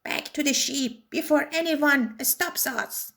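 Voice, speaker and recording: A woman's voice: high voice, slow, creaky, bright, forceful tone, pitched above the performer's own voice, full character voice. A woman voicing a bossy male pirate chief in a read-aloud storybook.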